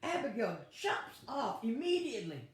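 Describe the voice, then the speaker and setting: A woman pastor, teaching a lively Bible study with playful asides and acted-out quotes. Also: on the high side, moderate pace. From United States. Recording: very echoey room.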